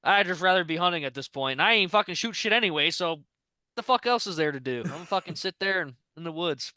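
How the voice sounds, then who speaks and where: A man's voice: high voice, animated, quick pace, sharp tone, dry recording. A man from Ohio, co-host of a podcast, ranting casually with lots of swearing and frustration.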